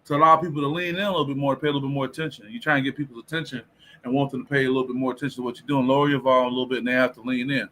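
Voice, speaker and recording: A man with a bright, forceful voice that sits a little high, talking through a motivational livestream. He is animated and speaks like a preacher, and he greets viewers by reading out their comments. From Detroit, USA. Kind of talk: casual motivational talk.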